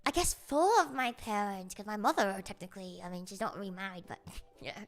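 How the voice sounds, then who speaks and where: A woman's voice: medium pitch, fairly quick. A young woman chatting casually as a streamer, rambling through a story with lots of fillers and giggles.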